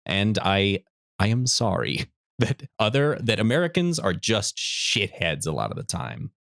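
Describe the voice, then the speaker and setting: A man's voice: on the low side, sing-song, a little slow, gravelly, fairly bright tone, no room sound, clean studio sound. A man co-hosting a podcast in casual chat, rambling, swearing and poking fun at himself. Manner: rambling, profane, self-mocking. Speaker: podcast co-host.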